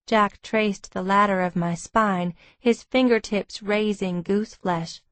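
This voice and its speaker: A woman reading a romance audiobook in steady, intimate first-person narration. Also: medium pitch, slow pace, hardly any pauses, dry recording.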